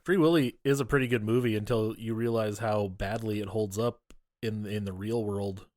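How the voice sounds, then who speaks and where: A man's voice: lowish voice, fairly even intonation, moderate pace, darkish tone. A man co-hosting a casual film podcast, recapping scenes with profane, teasing banter. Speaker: podcast co-host. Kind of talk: casual film-review chat.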